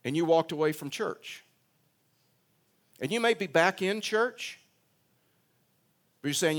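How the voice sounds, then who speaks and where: A man's voice: on the high side, lively intonation, slow pace, pauses often, fairly bright tone. A man preaching a sermon in a conversational way, telling a personal story, often repeating words and restarting, and rising in voice for emphasis. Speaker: pastor.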